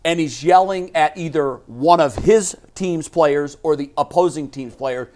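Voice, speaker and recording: Guy on a sports show, a bit high voiced, fired up about baseball, keeps tripping over his first words. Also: a little slow. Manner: animated, opinionated, stammers on restarts. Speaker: sports radio co-host. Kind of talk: casual sports talk.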